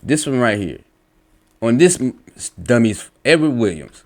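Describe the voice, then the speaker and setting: A man's voice: mid-range voice, very animated, measured pace, a little mellow. A man reacting to online comments in an angry, profane rant, lecturing bluntly and combatively. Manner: lectures while reading out comments. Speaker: religious commentator.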